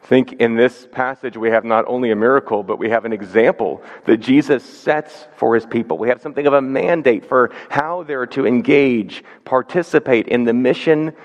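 Earnest male pastor preaching in a reverberant hall. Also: medium pitch. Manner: earnest, measured preaching with slow emphatic stresses. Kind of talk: sermon. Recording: dull sound with long hall reverb.

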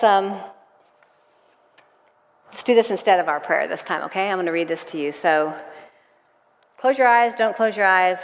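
A woman's voice: fairly low pitch, a little hiss or hum. Earnest woman reading in an echoey hall. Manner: earnest, grows emotional while reading. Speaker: Bible study leader. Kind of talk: reading a devotional passage aloud to a group.

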